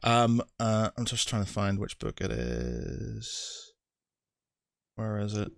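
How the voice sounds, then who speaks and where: A man's voice: on the low side, big pitch swings, takes it slowly, creaky, dry recording, studio quality. A man hosting a casual podcast chat, rambling with many fillers, restarts and lost names. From United Kingdom. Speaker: podcast host.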